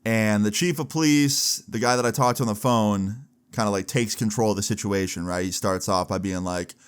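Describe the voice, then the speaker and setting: A young man in his late teens telling a personal story in a casual, animated way, acting out the quoted voices. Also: fairly low pitch, normal speed, smooth. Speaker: storytelling vlogger.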